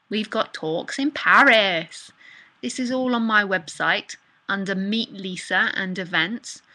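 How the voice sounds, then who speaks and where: A woman's voice: mid-range voice, pushed and bright, rough recording. A woman giving a live spiritual talk in a casual, chatty manner that circles back and repeats itself. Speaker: spiritual teacher.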